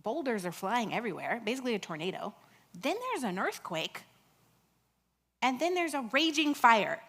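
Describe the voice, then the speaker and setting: Animated woman preaching, bright and high. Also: normal speed. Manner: animated, acts out quotes, laughs often. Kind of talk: lively sermon storytelling. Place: church.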